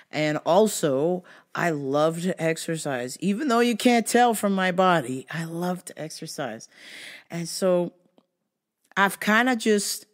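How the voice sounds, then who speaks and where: A hoarse woman from California hosting a casual solo podcast, chatty, laughing often and swearing freely. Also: fairly low pitch. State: hoarse from yelling. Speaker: podcast host.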